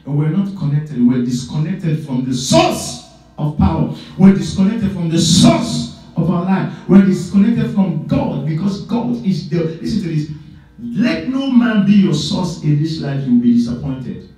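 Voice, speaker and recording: Emphatic preaching pastor, echoey hall. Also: male voice, lively intonation, unhurried, faint music behind. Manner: emphatic, repetitive, swings from loud to low. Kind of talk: preaching a sermon. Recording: echoey church hall, mic at a distance.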